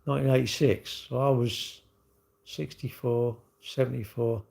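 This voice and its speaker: Gravelly man in his sixties. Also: mid-range voice, fairly even intonation, unhurried, a little mellow. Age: 60s. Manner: rambling, chatty, rhetorical tag questions. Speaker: livestream host. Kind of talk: casual chat answering viewers' comments.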